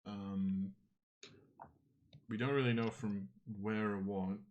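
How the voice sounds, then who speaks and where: A man speaks in a lowish voice, in character at a tabletop game. He talks slowly, with long pauses, and hesitates often, filling the gaps with small sounds as he searches for his words. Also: steady tone, a little mellow, dull audio. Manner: hesitant, halting with many fillers. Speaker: player. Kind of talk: in-character tabletop role-play.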